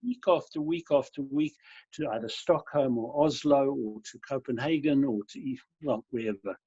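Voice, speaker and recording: Man, 60s, softened South African accent, careful enunciation, anecdotal, husky, dull video call audio. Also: medium pitch, moderate pace, no room sound. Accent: South African, softened by years in Europe. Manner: enunciates carefully, tells anecdotes with good humour. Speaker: guest. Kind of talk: conversational storytelling.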